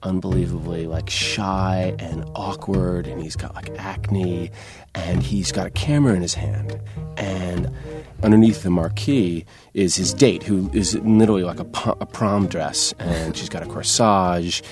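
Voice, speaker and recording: A man, an actor, telling a funny personal anecdote in a casual, animated way with many restarts and fillers. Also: sits low, measured pace, over music. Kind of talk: casual storytelling interview.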